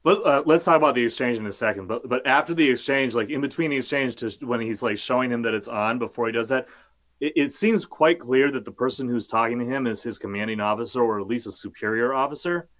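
A man's voice: mid-range voice, fast talker, a bit bright. A male journalist talking casually as an interview guest, rambling with many fillers and restarts, and cursing now and then.

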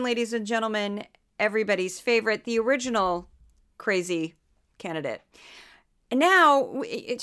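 A woman hosting a podcast, talking in a lively, sarcastic, laughing way. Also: a little high. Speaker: podcast host. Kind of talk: casual commentary.

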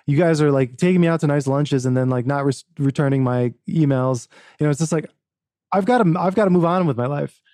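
A man, an author and book producer, telling a story as a podcast guest in an animated way, acting out quoted dialogue and restarting often. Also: fairly high pitch, a little fast, no echo, clean studio sound. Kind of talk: casual interview storytelling.

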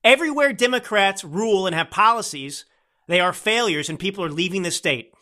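A man's voice: high voice, animated, fairly quick, sharp tone. A man hosting a political podcast, talking in an indignant, scornful and repetitive way. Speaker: podcast host. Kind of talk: political commentary.

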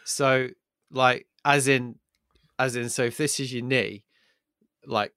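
A man's voice: mid-range voice, flat delivery, slow, bright, forceful tone, clean tone, dry recording, clean studio sound. A man hosting a casual chat who talks loosely and frankly, full of fillers.

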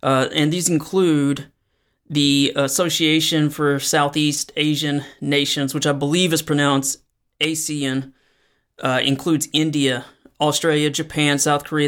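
Flat-toned man hosting a news podcast. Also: fairly high pitch, clear, resonant tone. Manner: explanatory, conversational, frequent fillers. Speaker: podcast host. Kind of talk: solo news commentary podcast.

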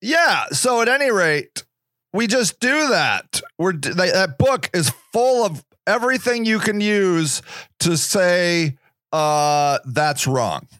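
A man's voice: high voice, lively intonation, slow pace, a bit bright, no room sound, clean studio sound. A man hosting a casual solo podcast, rambling sarcastically and mocking other people's voices. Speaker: podcast host.

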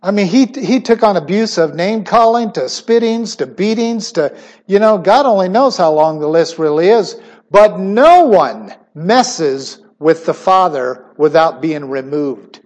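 Slow, high-voiced emphatic male preacher. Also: expressive. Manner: emphatic, with sudden swings in pitch and loudness. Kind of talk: sermon.

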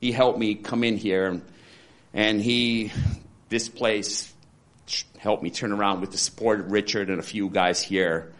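A man in his sixties giving a candid, rambling personal testimony with dark humor, often restarting his sentences. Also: fairly low pitch, steady tone, unhurried. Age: 60s. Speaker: interviewee. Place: support center.

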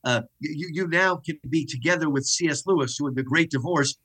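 Husky-voiced man teaching over a call. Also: on the high side, a little fast, sharp tone. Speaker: guest professor. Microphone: video call.

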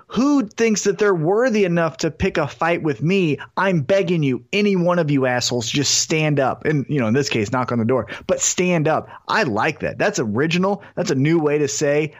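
A man co-hosting a podcast, chatting casually and excitedly about wrestling, swearing often and acting out scenes he pitches. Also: dull audio. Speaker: podcast co-host.

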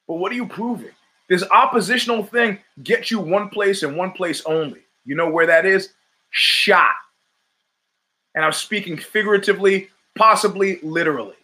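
Here a middle-aged man, host of a podcast, holds forth at a normal speed in an opinionated monologue. His bright, forceful voice rides a little above the usual male range, and he drives home each point with rapid questions and repeated phrases.

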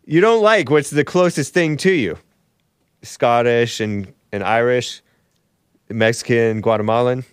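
A man's voice: measured pace, clear, resonant tone, no room sound. Joking man hosting a show, dry mic. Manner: jokey, rambling, laughs often, voice jumps up high at times. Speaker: talk show host. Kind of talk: casual live-stream chat reading viewer messages.

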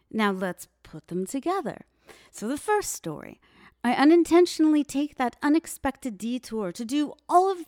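Slow, earnest woman podcaster. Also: on the high side, a little mellow, no room sound, studio quality. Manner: earnest, addresses the listener directly. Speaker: podcast host. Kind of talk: reflective storytelling monologue.

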